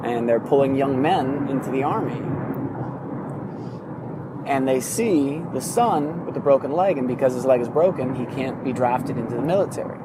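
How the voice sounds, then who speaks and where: A man's voice: mid-range voice, background noise. A podcast host retelling stories in a casual monologue and acting out the people he quotes. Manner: animated retelling, acts out quoted voices, laughs at himself. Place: in a vehicle during a commute.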